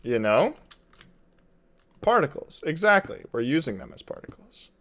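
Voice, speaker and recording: A male streamer at his home desk talks through his build in unhurried, casual commentary. His pitch rises and falls a lot as he thinks aloud, reads chat and chuckles. Faint keyboard typing sits in the background. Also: big pitch swings, a bit bright, slight background noise. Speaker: game streamer.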